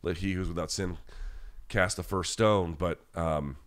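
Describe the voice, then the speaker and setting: Man, very low voice, podcast host, casual live chat, blunt, rambling, restarts a lot. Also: fairly even intonation, unhurried.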